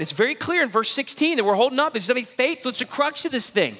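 A man's voice: very high voice, big pitch swings, fast, hardly any pauses, pushed and bright, in a large hall. A man preaching a sermon, emphatic, repeating key phrases and restarting words as he presses his points. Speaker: pastor.

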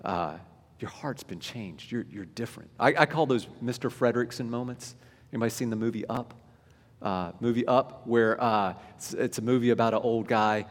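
A man's voice: mid-range voice, moderate pace. A man preaching a sermon in a conversational, storytelling way, sometimes dropping almost to a whisper. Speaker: pastor. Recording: long hall reverb.

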